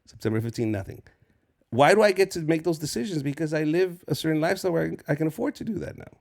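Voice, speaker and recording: A man's voice: fairly high pitch, rapid-fire, creaky, a little mellow. A man in his forties from Southern California, a stand-up comedian telling loose, profane stories as a guest in an interview. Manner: loose, profane storytelling, acts out voices. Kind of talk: casual storytelling interview.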